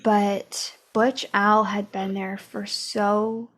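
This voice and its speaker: A woman podcast host casually retelling a book's plot, with many fillers and pauses. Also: medium pitch, level tone, husky. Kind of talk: casual book discussion.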